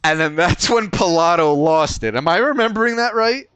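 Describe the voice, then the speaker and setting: A man's voice: high-pitched, expressive, moderate pace, a bit bright, clean tone, no echo. A man co-hosting a podcast, telling stories in casual chat, swearing now and then and restarting his sentences. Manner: storytelling, profane, many restarts. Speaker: podcast co-host.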